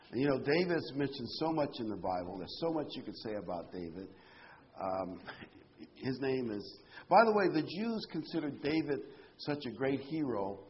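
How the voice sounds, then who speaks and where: A man delivers a sermon in a relaxed, talky style and lifts his voice high for quoted lines. His pitch sits in the middle range. The recording sounds dull and lo-fi, with a faint hiss underneath. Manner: conversational, animated, pitch jumping up for quoted speech. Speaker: preacher.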